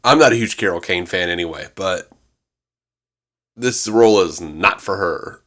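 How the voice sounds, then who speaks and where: A man's voice: low voice, measured pace, fairly bright tone. A man co-hosting a podcast in casual review chat, blunt and wry, laughing and swearing casually. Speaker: podcast co-host.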